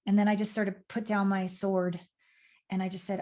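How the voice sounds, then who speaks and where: A woman's voice: medium pitch, a little fast, a little mellow. A woman in casual podcast conversation as a guest, talking openly and expressively and swearing casually. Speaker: guest, intimacy expert.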